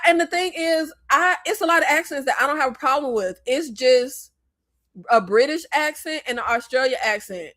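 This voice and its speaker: A woman from the American South chatting casually on a movie livestream, talkative and quick to laugh and apologize. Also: fairly high pitch, fairly bright tone.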